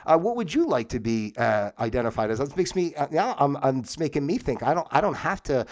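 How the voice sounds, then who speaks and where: A man's voice: mid-range voice, sing-song, brisk, darkish tone. Incredulous rambling male livestream host. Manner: rambling, incredulous, reads aloud from a web page with asides. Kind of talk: casual livestream commentary. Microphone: webcam setup, moves on and off camera.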